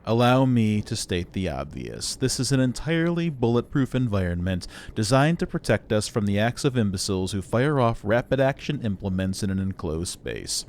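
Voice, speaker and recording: A man voicing a smug male android who talks down to humans in a slow, drawn-out, patronizing manner. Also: lowish voice, big pitch swings, a little mellow, slight background noise. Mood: condescending.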